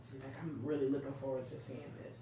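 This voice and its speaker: Podcast co-host, woman, mid-pitch, emphatic and teasing, far from the mic in a very echoey room. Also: little pitch movement, fast, warm tone. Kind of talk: casual movie review chat.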